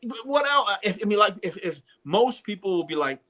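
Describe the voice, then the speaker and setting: A man's voice: sits high, sing-song, fairly quick, sharp tone. A man co-hosting a casual podcast chat, speaking emphatically and preaching about working out. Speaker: podcast co-host.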